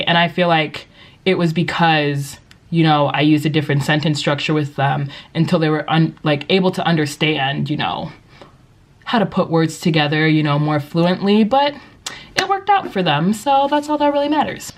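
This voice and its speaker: A woman's voice: on the low side, normal speed. A young woman who teaches English, giving casual advice in a vlog, chatty and upbeat with lots of likes and you-knows. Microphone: compact vlogging camera.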